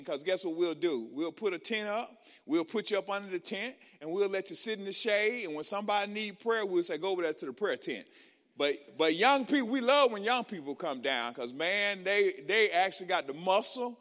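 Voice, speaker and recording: A man preaching as a guest pastor in a church, in call-and-response style with colloquial, city-style speech that builds to shouting. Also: high-pitched. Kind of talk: sermon. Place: church sanctuary. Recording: long church-hall reverb.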